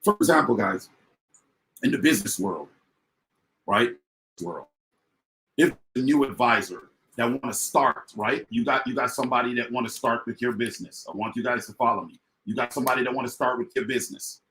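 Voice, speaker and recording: A man giving a fired-up motivational business talk to an online audience, emphatic and repetitive, swinging from loud to quiet. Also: medium pitch, fairly quick. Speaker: motivational speaker and business coach.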